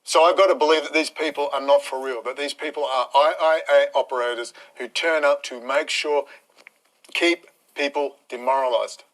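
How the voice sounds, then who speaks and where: A man's voice: medium pitch, steady tone, moderate pace, fairly bright tone, poor audio. A man, ranting bluntly and combatively on a live stream, swearing freely.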